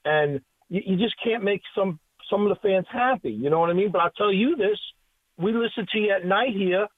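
A man's voice: high-pitched, brisk, no echo. An older man from the Northeast United States calling in to a radio show, rambling and stammering in a friendly way. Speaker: caller. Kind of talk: radio call-in. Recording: tinny phone line.

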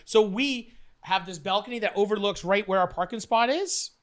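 A young woman from Canada telling a wild story casually, swearing freely and animated. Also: mid-range voice, moderate pace.

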